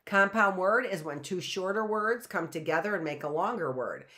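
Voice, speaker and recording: A woman's voice: fairly low pitch, lively intonation, moderate pace, bright, forceful tone. A middle-aged woman teaching an online phonics lesson, patiently repeating and sounding out words for young learners.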